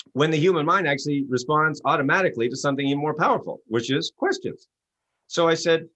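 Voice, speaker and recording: A man, an author and coach, telling stories in an interview and acting out quoted voices. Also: no echo. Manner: animated, acts out quotes with rising pitch. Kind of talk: interview guest storytelling.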